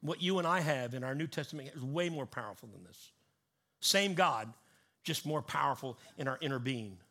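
A man's voice: medium pitch, expressive, normal speed, sharp tone. A man preaching a sermon to his congregation, building emphatic rising cadences and teaching word meanings. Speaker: pastor.

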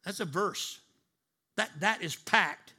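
A male pastor preaching a sermon emphatically, slowing down to stress key words and having the congregation repeat lines after him. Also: high-pitched, pushed and bright.

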